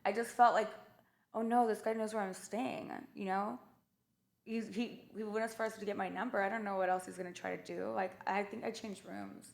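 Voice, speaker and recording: A woman guest in a casual interview, chatty and animated as she tells her stories. Her voice has a gravelly, fry-laden edge, sitting at a middling pitch. She leans on fillers and acts out what others said. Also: a little fast, a little hiss or hum. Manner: chatty storyteller, many fillers.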